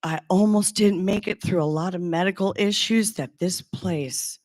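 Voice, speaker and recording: A woman in her sixties giving a heartfelt personal testimonial as a former clinic patient, talking in an earnest, halting way with frequent restarts. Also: fairly low pitch, a little mellow, dry recording. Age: 60s.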